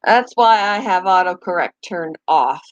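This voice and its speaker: A woman's voice: lowish voice, expressive, a little slow, dry recording, highs cut off. Chatty woman hosting a pet channel. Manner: chatty, rambling, talks to her pets in between. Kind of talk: casual live chat.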